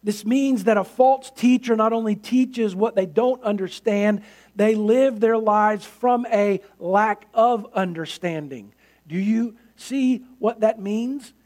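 A man's voice: high voice, slow pace, a little mellow. A male pastor preaching a sermon in an earnest, emphatic way, building points through repetition.

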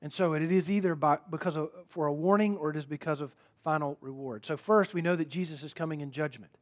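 A man with a high voice delivers a sermon in an earnest, emphatic way. He reads scripture aloud and poses rhetorical questions to his listeners. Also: fast talker. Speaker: preacher.

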